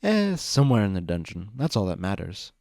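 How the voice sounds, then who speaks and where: A man's voice: fairly low pitch, big pitch swings, a little mellow, no echo, clean studio sound. Discord, a smug chaos spirit, man voicing. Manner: smug, teasing, drawn-out lines. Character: mischievous male chaos spirit, smug and pushy.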